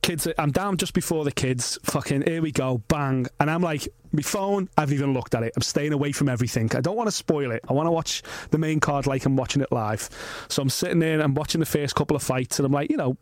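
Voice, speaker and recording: A man's voice: fairly high pitch, fast talker, few pauses, no room sound. Man, podcast host, rambling casual chat, swears freely, dry close sound.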